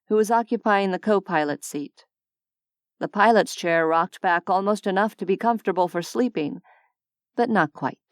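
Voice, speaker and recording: Woman reading an audiobook, smooth lowish voice, dry close booth sound. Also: no echo. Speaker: audiobook narrator. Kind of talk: scripted audiobook narration.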